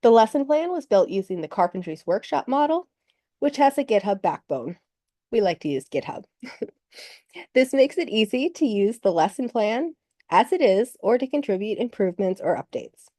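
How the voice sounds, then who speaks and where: A woman presenting slides in a webinar, explaining in a measured way, with a slight cough that makes her clear her throat. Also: a little high, big pitch swings, dark tone, no echo, studio quality.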